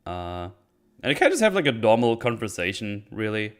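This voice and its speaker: A man hosting a casual movie podcast, laughing often and acting out scenes in quick silly voices. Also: fairly low pitch, huge pitch swings. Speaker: podcast host. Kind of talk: casual movie-review chat.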